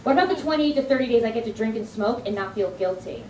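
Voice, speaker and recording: A woman from New Jersey doing a stand-up comedy set, telling animated stories with sudden high-pitched punchlines. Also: fast talker, distant mic, noisy background. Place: comedy club stage. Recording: echoey club recording from afar, with crowd laughter.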